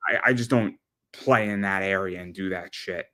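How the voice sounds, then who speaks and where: A man hosting a casual podcast chat, rambling and animated, often repeating words as he tells stories. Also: sits low, fairly quick. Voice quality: rambling, animated storyteller with frequent stammered repeats. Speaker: podcast host.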